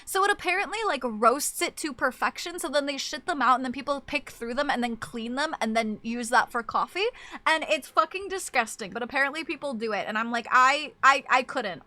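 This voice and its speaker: A woman streamer in casual live-stream chat, animated and freely swearing, often laughing as she reacts to her chat. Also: on the high side, normal speed.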